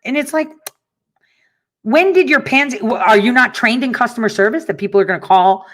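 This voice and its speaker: A woman's voice: on the high side, brisk. A middle-aged woman hosting a talk show, telling stories and ranting bluntly with frequent swearing and laughs. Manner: blunt and profane, storytelling with laughs. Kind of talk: casual monologue to listeners.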